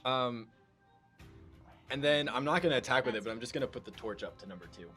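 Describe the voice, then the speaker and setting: A man playing a tabletop game in casual chat, relaxed and working through his rolls out loud. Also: medium pitch, quick pace, faint music behind. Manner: relaxed, lots of um fillers while working out rolls. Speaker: player.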